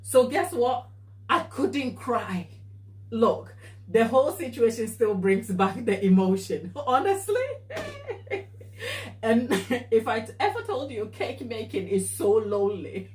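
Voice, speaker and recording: A woman cake baker telling a story during a live tutorial, animated and expressive and laughing as she talks. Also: on the high side, takes it slowly. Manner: animated, expressive, often laughing mid-sentence. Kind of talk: casual anecdotal storytelling. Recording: echoey room, voice distant from mic.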